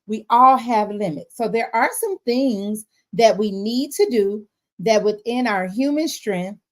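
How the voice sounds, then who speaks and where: A woman giving a casual faith-based motivational talk, expressive and often checking in with her listeners. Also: mid-range voice. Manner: expressive, frequent "all right?" check-ins.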